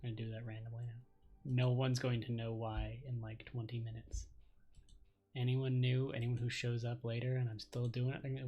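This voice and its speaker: A man streams a role-playing game in a playful, chatty way, reading its story text aloud. His pitch sits in the middle for a man. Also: level tone, fairly quick, dark tone, dull audio. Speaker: let's-play streamer.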